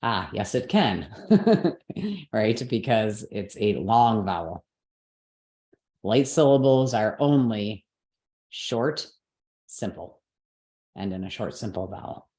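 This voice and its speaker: A woman teaching a live class, explaining step by step, checking that her students follow, and correcting her own slips out loud. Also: rumbling low, big pitch swings, slow pace, pauses often, echoey room. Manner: patient, step-by-step explaining with frequent checks for understanding.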